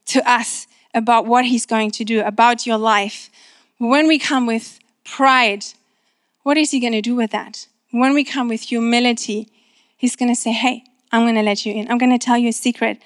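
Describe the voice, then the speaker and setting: Woman preacher, conversational and earnest, a touch high-pitched, close and dry. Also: a bit bright, dry recording. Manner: earnest, conversational with filler words. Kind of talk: sermon.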